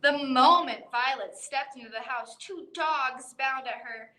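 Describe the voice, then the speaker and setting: A woman reads a children's bedtime story in a high, bright voice, unhurried and expressive. She drops in playful animal noises as she goes. Her voice rings in a roomy library space. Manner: expressive, voicing animal sounds. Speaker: children's librarian reading aloud. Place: library room.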